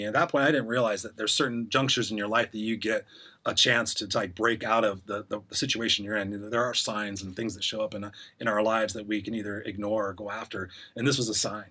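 Middle-aged male guest, husky and quick, rambling anecdotes with acted-out quotes. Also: fairly low pitch, bright, forceful tone. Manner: rambling, acts out quoted voices. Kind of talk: casual storytelling interview.

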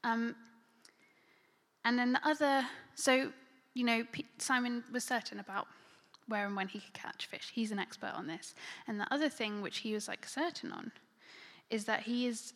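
Gravelly-voiced woman preaching in a hall. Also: fairly high pitch, moderate pace, a bit bright. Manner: conversational, filler-heavy, often drops to a near-whisper. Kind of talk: sermon. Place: church hall.

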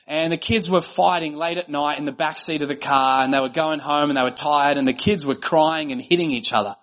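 A man's voice: a little high, steady tone, fairly quick, fairly bright tone. A man preaching a sermon as pastor, earnest and conversational, building points through repeated phrases.

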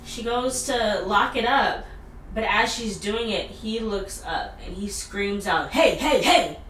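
A woman hosts a casual chat and tells a story in an animated way, with lots of fillers. Her voice is bright and clear. The recording sounds echoey, from a mic set back in the room. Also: medium pitch, slow pace, distant mic, slight background noise. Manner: animated, with frequent fillers and laughter. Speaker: podcast host.

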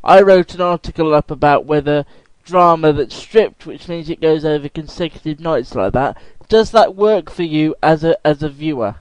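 A man hosting a casual podcast chat, his smooth voice sitting a little high. He speaks in an engaged way and briskly pitches the show's website. The sound is dry and close. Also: no echo, rough recording. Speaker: podcast host and writer.

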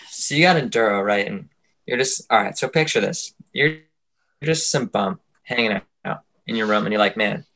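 A man's voice: lowish voice, moderate pace, vocal fry, fairly bright tone. Man spinning a comic story. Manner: joking, acts out quoted voices. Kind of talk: casual chat, comic storytelling.

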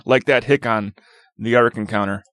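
A man co-hosting a casual podcast, telling a story in an animated, exasperated rant. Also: mid-range voice, normal speed, dry recording. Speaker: podcast co-host.

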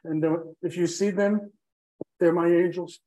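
Mellow-voiced man rambling through a story. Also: high voice, steady tone, measured pace, low-quality recording. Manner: rambling, drifts off track, many fillers. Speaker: podcast guest telling his own story. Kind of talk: emotional personal storytelling.

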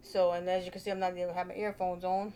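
A woman's voice: on the low side, little pitch movement, quick pace, dark tone, a little hiss or hum. A woman hosting a casual vlog, chatty and playful, thinking aloud into her own microphone. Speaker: vlogger host.

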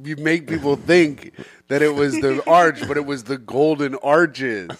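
A man's voice: on the high side, a little slow. A young man hosting a comedy podcast, joking and self-mocking in casual banter. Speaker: podcast host.

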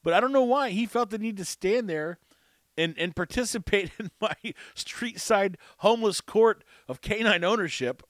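A man's voice: high voice, expressive, normal speed, fairly bright tone, no echo. A man hosting a show, telling a rambling story in a wry, self-mocking way into a close mic. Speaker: show host. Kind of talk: casual storytelling monologue.

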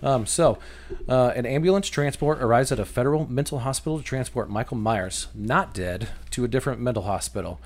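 A casual man chatting on a podcast in an ordinary mid-pitched voice. He recaps a movie in a loose, rambling way, full of fillers, quick laughs and the odd curse. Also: darkish tone. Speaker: podcast co-host.

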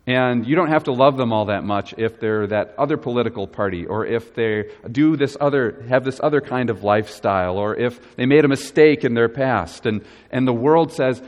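A man's voice: medium pitch, lively intonation, normal speed. Man preaching in a reverberant church. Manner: earnest preaching with repeated questions to the congregation. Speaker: pastor. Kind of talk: sermon.

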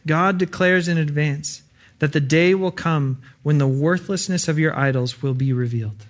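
A man's voice: on the high side, moderate pace. A young adult man preaching an earnest, conversational sermon with frequent fillers.

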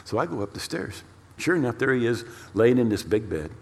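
A male pastor preaching a storytelling sermon in an animated way, repeating words for emphasis. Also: medium pitch, a little fast, creaky. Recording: long reverb of a large hall.

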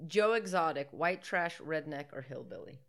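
Lively, low-pitched woman co-hosting. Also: normal speed, vocal fry. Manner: joking, swearing, laughing often. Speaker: podcast co-host. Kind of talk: casual chat while watching a movie.

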